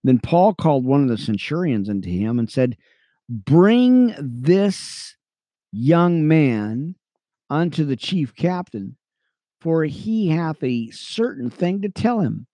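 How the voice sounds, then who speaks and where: A man teaching the Bible on radio, reading verses aloud between excited, chatty asides to his listeners. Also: fairly high pitch, slow pace, dry recording. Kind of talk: reading scripture with commentary.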